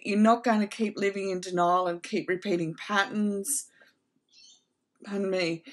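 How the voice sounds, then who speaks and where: Earnest middle-aged woman giving heartfelt advice. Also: medium pitch. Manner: earnest, heartfelt, checks in with listeners. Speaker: host. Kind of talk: casual advice talk to viewers.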